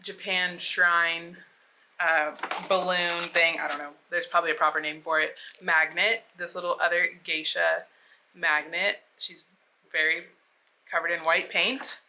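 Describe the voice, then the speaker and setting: A woman's voice: on the low side, level tone, a little slow, pushed and bright, a little hiss or hum. A young adult woman from the United States, chatting casually and bubbly while unboxing, with many filler words. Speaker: vlogger.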